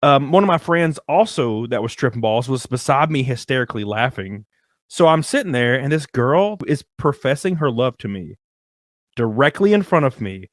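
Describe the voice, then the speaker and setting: A young man casually telling a rambling, animated story, full of "like" and casual swearing. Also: mid-range voice, normal speed, no room sound, studio quality. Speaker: guest storyteller. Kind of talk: casual storytelling on a live stream.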